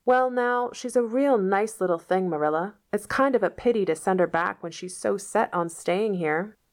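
A woman voicing a shy, gentle older male farmer who speaks hesitantly and stammers. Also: mid-range voice, moderate pace, pitched above the performer's own voice, natural voice.

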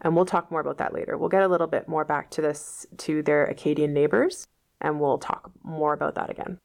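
Creaky-voiced woman teaching through a novel. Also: deep voice, normal speed, darkish tone. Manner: stops often to explain old words plainly. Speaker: teacher reading a novel aloud. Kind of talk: read-aloud lesson.

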